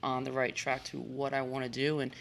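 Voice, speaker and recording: A woman, a boxer and coach, talking as a guest in a relaxed interview, rambling with fillers and restarts. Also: rumbling low, a little fast, gravelly. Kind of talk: casual conversational interview.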